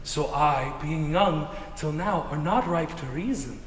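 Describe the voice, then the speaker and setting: A man's voice: on the high side, unhurried, a little hiss or hum, close to an everyday voice. An actor playing an ardent, lovestruck young man, delivering Shakespearean verse in an earnest, theatrical way. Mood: passionate. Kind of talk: Shakespeare stage acting. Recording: long hall reverb.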